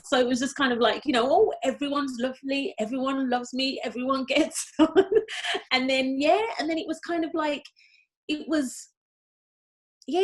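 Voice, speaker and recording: A woman from Birmingham with a light Brummie accent, a guest speaking candidly in an interview, reflective, often restarting and repeating her phrases. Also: a little high. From Birmingham, England.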